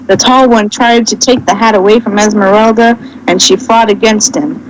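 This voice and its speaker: A woman's voice: medium pitch, a little hiss or hum, rough recording. A woman reading a fanfic aloud as a podcast co-host, casual and comedic, often stumbling and correcting herself.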